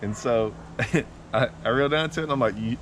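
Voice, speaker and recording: A man's voice: mid-range voice, fairly quick, fairly bright tone, slight background noise. A man, a fishing vlogger telling a long, rambling story in casual talk to the camera.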